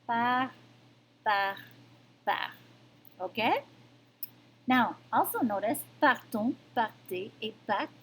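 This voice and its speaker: Slow, patient woman teaching French. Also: fairly high pitch, animated, fairly bright tone, slightly rough, rough recording. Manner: patient, explaining step by step with frequent "okay?" checks. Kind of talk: recorded classroom lesson.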